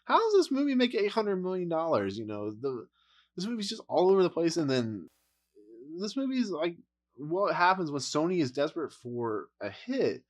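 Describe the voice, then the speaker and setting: A man's voice: on the high side, sing-song, moderate pace. A man giving a casual, blunt movie review rant, exasperated and rambling, with frequent laughs.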